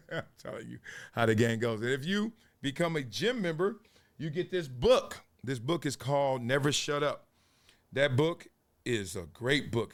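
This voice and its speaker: A man hosting a casual sports commentary show, joking and trash-talking, now and then breaking into freestyle rhymes. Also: medium pitch. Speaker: host.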